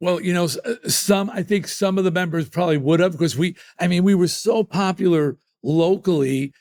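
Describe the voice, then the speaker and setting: A man from the New York area, a rock singer, telling stories in an emphatic, animated way as a guest in a casual interview. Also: high-pitched, normal speed.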